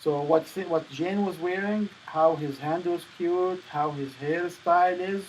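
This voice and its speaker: A man coaching a student on stage presentations, speaking in halting phrases with many restarts. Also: a little high, fairly even intonation, slight background noise, low-quality recording. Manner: non-native phrasing, repeats and restarts. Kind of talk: coaching session.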